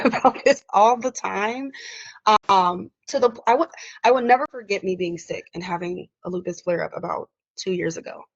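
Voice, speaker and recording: A woman with a lowish voice speaks candidly as a podcast guest in an interview conversation. She gets emotional and acts out quoted dialogue, and the recording is dry, muffled lo-fi audio with no room sound.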